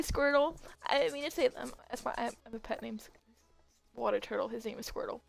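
High, giggly woman streamer. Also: normal speed, vocal fry, soft background music. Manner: giggly, squeals and gasps often. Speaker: game streamer. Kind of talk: excited live-stream chat.

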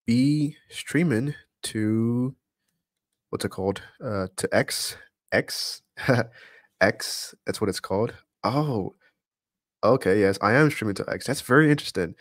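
A man hosting a casual live stream, greeting viewers by name from the chat in a relaxed, chatty way and laughing often. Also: fairly low pitch, takes it slowly, pauses often, no echo, clean studio sound. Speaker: livestream host greeting chat. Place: home streaming setup.

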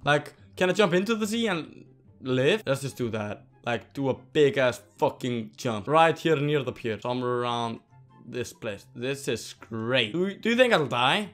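A young man from Iceland with an Icelandic accent, telling a storytime while playing a game, excitable and swearing a lot as he yells at the game. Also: mid-range voice. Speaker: vlogger. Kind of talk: storytime over gameplay commentary.

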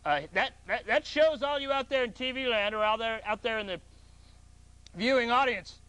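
Bright-voiced deadpan mock talk-show host. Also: male voice, very high-pitched, moderate pace, clear, resonant tone. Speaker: host of a comedy call-in show.

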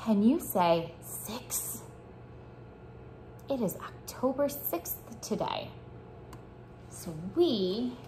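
Woman, preschool teacher, slow careful delivery, fairly high voice, call-and-response, faint background noise. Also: a bit bright. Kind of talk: children's morning lesson.

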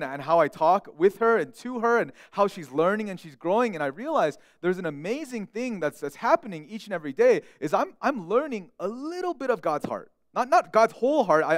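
A man's voice: high-pitched, no echo, clean studio sound. A young man preaching a sermon as pastor, speaking earnestly and often repeating words as he restarts a thought.

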